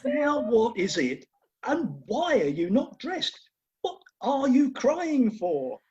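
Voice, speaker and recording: Fussy, fretful father of the bride in a comic radio play, voiced by a woman with a very husky, breathy tone. His pitch swings widely as he fusses and exclaims. The sound is muffled, like a video call. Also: huge pitch swings, takes it slowly, warm tone, exaggerated voice. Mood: exasperated. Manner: fussing and exclaiming, theatrical. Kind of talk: Zoom radio play acting.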